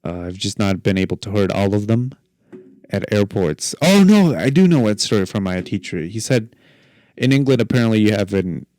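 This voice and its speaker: A man's voice: lowish voice, lively intonation, moderate pace, a little mellow, no echo. A young man hosting a podcast on his own, telling rambling stories with jokes and self-deprecating asides. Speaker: podcast host. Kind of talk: solo podcast chat.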